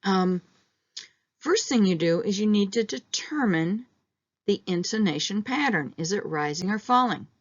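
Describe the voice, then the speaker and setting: A woman teacher walks students through pronunciation exercises at a slow, patient pace, acting out sample questions to show intonation. Her mid-range voice is recorded dry and slightly dull, with a lo-fi edge. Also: on the low side, dry recording. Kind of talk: online class instructions.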